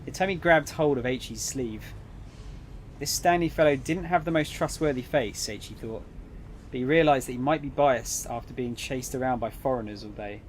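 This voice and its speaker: A man reading a visual novel aloud on his stream, narrating in a plain, middle-pitched voice. Now and then he breaks off for casual, jokey asides. A faint hiss sits behind him. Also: moderate pace.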